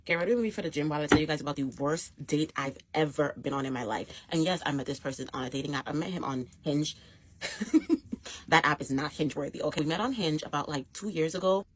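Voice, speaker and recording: Husky low woman doing story time. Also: quick pace. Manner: emphatic, talks straight to viewers. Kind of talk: get-ready-with-me story time.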